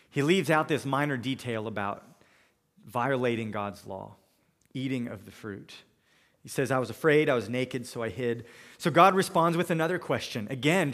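A man preaches a sermon with expository preaching, quoting verses and paraphrasing the characters' words in plain modern speech. His voice sits at an ordinary middle pitch for a man. The sound carries a long reverb, as if from a large hall. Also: fairly bright tone. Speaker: pastor.

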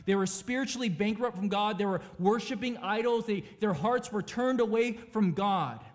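A man's voice: high voice, moderate pace. A man preaching a sermon as pastor, emphatic and dynamic, asking his listeners rhetorical questions.

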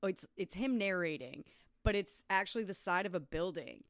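A woman's voice: lowish voice, fairly quick, no room sound, clean studio sound. Giggly woman recapping a movie. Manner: giggly, animated retelling with acted quotes. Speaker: podcast co-host. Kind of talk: casual movie-recap chat.

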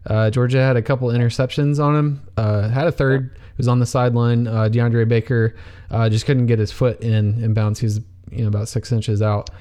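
A man hosting a casual sports podcast, laid-back and quick to laugh. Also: mid-range voice, flat delivery, warm tone. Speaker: podcast host. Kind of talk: casual chat.

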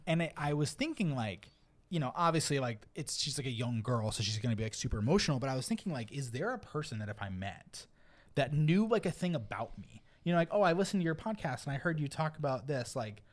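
A man's voice: mid-range voice, quick pace. A young man co-hosting a podcast, telling a story in a loose, rambling way with lots of fillers. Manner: rambling storyteller, animated retelling. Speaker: podcast co-host. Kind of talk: casual chat.

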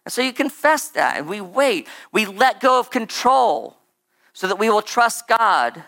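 Bright-voiced, rambling casual preacher. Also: medium pitch, unhurried. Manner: rambling and animated, full of "like" and "right?" asides. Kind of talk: casual conversational sermon.

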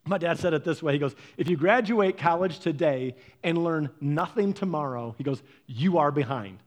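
A man telling family stories in a talk, acting out his parents' lines with lively energy. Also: on the high side, moderate pace. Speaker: speaker giving a faith and parenting talk. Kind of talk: storytelling talk.

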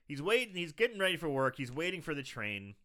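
A man co-hosting a podcast, casually retelling a film's scenes with animated storytelling. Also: on the high side, fast talker. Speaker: podcast co-host. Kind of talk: casual movie recap chat.

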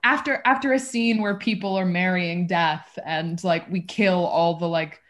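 A woman in a casual discussion of a play, rambling and animated, with many restarts and fillers. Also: on the low side, unhurried. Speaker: discussion participant.

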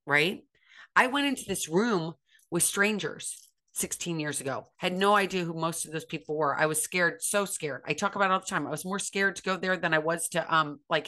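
A woman's voice: fairly low pitch, bright, forceful tone. A middle-aged woman from the United States giving an impassioned motivational talk, earnest and emphatic, repeating phrases for stress. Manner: acts out others' voices in quoted speech. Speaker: speaker on recovery and self-acceptance.

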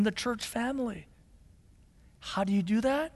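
A male pastor delivering an impassioned sermon, swinging from forceful, emphatic passages to low, slow, quiet stretches. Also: very animated, creaky. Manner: impassioned preaching, rising to shouts then dropping low and slow. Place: church sanctuary. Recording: long hall reverb of a sanctuary.

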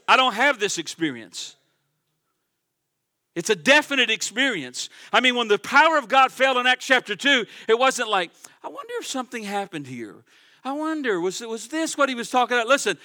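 A man preaching a sermon from the pulpit of his church, fervent and emphatic, dropping from loud declarations to quiet asides. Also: very high voice. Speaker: pastor. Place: church sanctuary.

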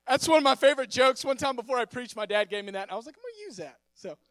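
High-voiced young preacher. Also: male voice, rapid-fire, a bit bright, dry recording. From Texas. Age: 20s. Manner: stammering, repeats words, friendly and joking. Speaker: youth pastor. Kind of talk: sermon with casual storytelling. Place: church. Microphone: stage microphone.

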